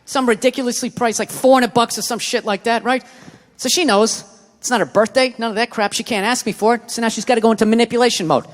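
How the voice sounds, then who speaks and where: A man performing a stand-up routine, telling a story with animated, profane delivery and a constant "right?". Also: extremely high pitch, fast. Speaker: stand-up comedian. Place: theater stage before a live audience. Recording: reverberant hall with crowd.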